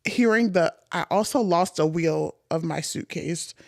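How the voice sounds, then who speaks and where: A woman's voice: on the low side, measured pace, creaky, no room sound, clean studio sound. Chatty woman podcast host telling her story. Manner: animated, chatty, lots of "like" fillers. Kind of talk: personal storytelling.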